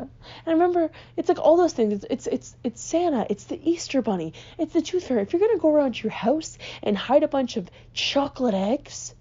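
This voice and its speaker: A young woman, ranting in an exasperated, swearing, animated way as a podcast host. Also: sits high, a little fast. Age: young adult. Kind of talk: casual comedic rant. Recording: dull lo-fi recording.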